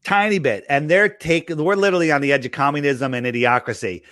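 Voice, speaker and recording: Animated man telling stories in a dry room. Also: on the high side, quick pace, no room sound. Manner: animated storyteller, acts out quoted dialogue. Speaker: interview guest promoting his app. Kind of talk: casual interview chat.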